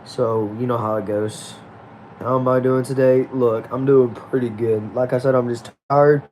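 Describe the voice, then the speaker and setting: A man's voice: mid-range voice, fairly even intonation, normal speed, darkish tone, slight background noise. A man from the United States hosting a casual live stream, tired and sleepy, chatting loosely and greeting viewers by name as he reads their comments.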